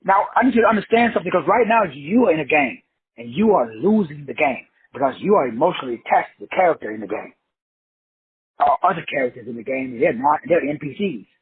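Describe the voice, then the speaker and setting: A man's voice: fairly high pitch, expressive, fast talker, slight background noise. A man hosting a self-help show, giving a blunt, preachy motivational monologue that speaks straight to his listeners and swears freely. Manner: preachy, blunt and profane, addresses listeners directly. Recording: tinny phone-like dry audio.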